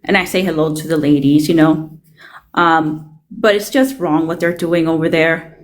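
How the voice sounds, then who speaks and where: A woman's voice: sits low, fairly even intonation, moderate pace. A woman speaking as a livestream guest, blunt and defensive with many ums. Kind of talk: casual chat.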